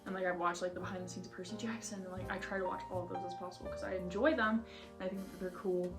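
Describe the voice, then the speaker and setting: A woman's voice: fairly low pitch, steady tone, rapid-fire. Young woman vlogging, rambly and opinionated, says like a lot, echoey room, faint music behind. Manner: chatty, heavy use of "like", opinionated rants. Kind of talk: casual chat. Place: room at home, reorganizing a bookshelf.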